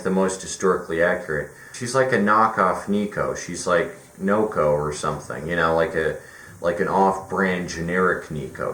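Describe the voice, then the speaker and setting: A man's voice: low voice, fairly bright tone. A man giving a casual, rambling movie review, full of fillers and restarts. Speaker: film reviewer. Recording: roomy echo with faint music.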